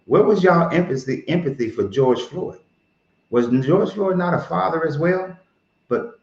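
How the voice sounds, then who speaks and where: Blunt, heated man on a roomy lo-fi stream. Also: mid-range voice. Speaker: podcast host. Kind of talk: casual opinion commentary. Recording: roomy, dull lo-fi sound.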